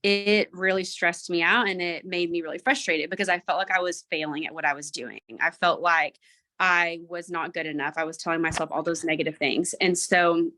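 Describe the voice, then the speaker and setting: A woman on a video call shares her own story candidly and reflectively, sometimes drifting off track. Her voice sits on the lower side but has a bright, forward tone. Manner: candid, self-reflective, rambling. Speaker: team member sharing her story. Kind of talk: candid personal testimony.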